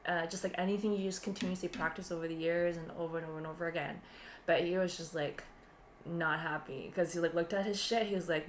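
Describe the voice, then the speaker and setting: A woman's voice: lowish voice, quick pace, crowd noise. A woman co-hosting a podcast, telling a rambling story full of fillers and laughter. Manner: rambling, animated retelling with frequent laughs and fillers. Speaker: podcast co-host. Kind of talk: casual storytelling chat. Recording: roomy echo.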